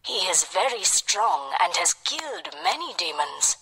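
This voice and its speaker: A woman voicing a calm, resolute mother in a storybook, speaking reassuringly. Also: on the low side, unhurried, slightly rough, exaggerated voice. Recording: long hall reverb.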